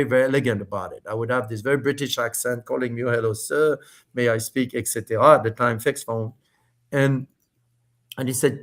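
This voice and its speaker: This is a spirits company founder, middle-aged, appearing as a podcast guest and storytelling in a laid-back interview. Medium in pitch, he sounds animated, talking in fast spurts with frequent restarts and fillers.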